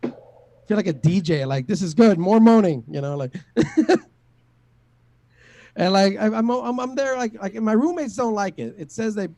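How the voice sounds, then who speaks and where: A man's voice: sits high, expressive, normal speed, pauses often, a little mellow, far from the mic. A man doing a stand-up comedy set, rambling and profane, full of fillers and self-deprecating jokes. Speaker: stand-up comic.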